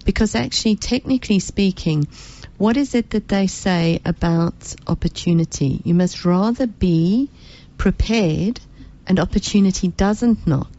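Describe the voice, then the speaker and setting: A woman's voice: on the low side, mellow, muffled recording. A woman hosting a radio talk show, direct and encouraging as she speaks to listeners. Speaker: radio host.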